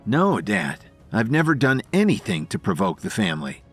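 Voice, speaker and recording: A man voicing a young man who shouts fiercely and anguishes over his family in an audio drama. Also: fairly low pitch, huge pitch swings, moderate pace, husky, soft background music, full character voice. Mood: anguished.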